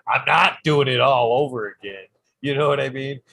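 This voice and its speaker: A man's voice: medium pitch, normal speed, vocal fry, bright, forceful tone, poor audio. A man hosting his own channel, telling a rambling, swear-heavy story in casual vlog style. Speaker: channel host.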